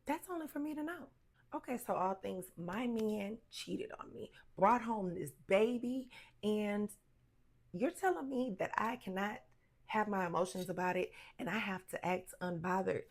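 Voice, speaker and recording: A woman with a mid-range voice talks straight to camera in a casual advice vlog. She is blunt and sassy, and her voice jumps up for emphasis. At times she slows down and goes quiet and calm to drive a point home. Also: medium pitch. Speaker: lifestyle advice vlogger.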